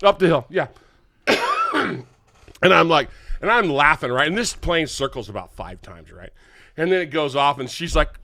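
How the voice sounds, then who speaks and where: An older man, hosting a podcast and telling an animated, laughing story. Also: on the high side, normal speed, no echo. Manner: animated, laughing, acts out quotes. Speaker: podcast host. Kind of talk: casual storytelling chat.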